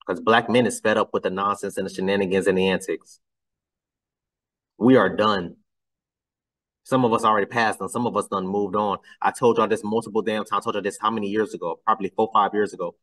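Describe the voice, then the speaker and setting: A man's voice: on the low side, fairly even intonation, a little fast, a bit bright, distant mic, poor audio. A man hosting a casual reaction commentary, talking bluntly and getting exasperated, his voice climbing when he is incredulous. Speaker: commentary channel host.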